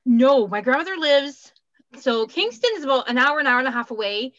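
Rambling, self-deprecating woman co-host, a touch high, on a muffled mic. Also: expressive, brisk, fairly bright tone, no echo. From Canada. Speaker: podcast co-host. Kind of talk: casual chat. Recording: muffled dry home recording.

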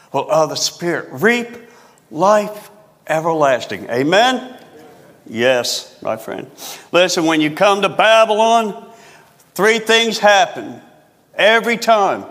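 A male pastor preaching a sermon, repeating phrases for emphasis and stretching key words slowly. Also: high-pitched, a bit bright, big-room sound.

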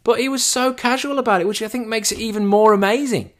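A man telling a casual story as a monologue, animated and chatty, with a self-deprecating tone and frequent restarts. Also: high-pitched, fast talker. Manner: animated, acts out quoted dialogue in a raised voice.

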